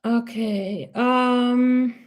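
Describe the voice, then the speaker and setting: A woman's voice: a little high, fairly even intonation, drawn-out words. A young woman giving a casual, rambling pep talk as a mindset coach on a live stream, blunt and swearing freely.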